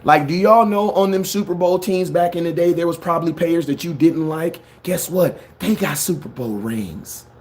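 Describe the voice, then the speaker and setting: A man hosting a sports fan channel, ranting his opinions in a blunt, slangy, animated way. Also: fairly high pitch, normal speed, few pauses, slight background noise. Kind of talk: fired-up sports opinion rant.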